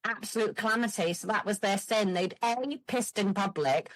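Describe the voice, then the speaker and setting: A woman who hosts a podcast and tells stories in a casual, animated and profane way, laughing as she goes. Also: mid-range voice, moderate pace, no echo. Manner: animated storyteller, frequent laughs, swearing. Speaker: podcast host. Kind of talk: casual chat.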